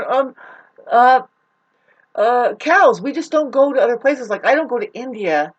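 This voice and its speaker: A vlogger with a high, slightly bright voice delivers an unscripted emotional monologue. She is upset and near tears, rambling, cursing, and frequently circling back to restart what she's saying.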